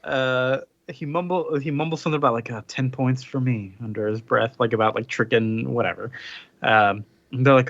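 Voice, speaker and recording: A man's voice: mid-range voice, moderate pace, a bit bright, no room sound, dull audio. A man hosting a casual podcast chat, recapping a comic plot loosely with lots of fillers. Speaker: podcast host.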